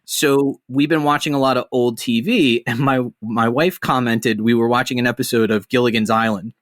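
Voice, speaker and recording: Man, podcast host, casual chat, animated, profane, dry sound. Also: medium pitch, moderate pace, no echo.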